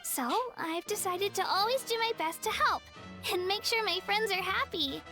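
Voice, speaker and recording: A woman voicing a sweet, earnest young girl in a game who bakes cakes for her friends, speaking gently and hopefully. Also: very high-pitched, expressive, moderate pace. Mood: sincere. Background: soft game music.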